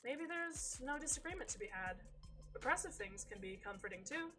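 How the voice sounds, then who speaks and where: Casting: woman reading as a composed female serial killer narrator, calm, wry, a little high in pitch. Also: over music, rough recording. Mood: musing. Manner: calm, measured, wry and unbothered. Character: cool self-assured woman, a secret serial killer narrator. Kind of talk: reading a visual novel's narration aloud.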